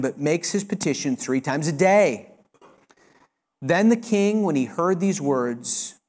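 Expressive male preacher reading scripture. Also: fairly high pitch. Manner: expressive, emphatic reading with asides. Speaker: pastor. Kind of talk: sermon, reading and retelling scripture.

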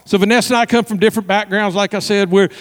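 A male pastor telling a story in a sermon, lively and animated, sometimes dropping to a soft, hushed voice. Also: sits high, fast talker. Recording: long hall reverb.

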